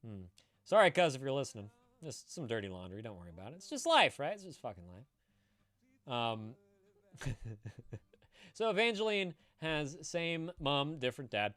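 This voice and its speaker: A man's voice: mid-range voice, sing-song, normal speed, pauses often, fairly bright tone, no echo. A man chatting casually on a live stream, rambling, laughing and swearing as he answers viewers.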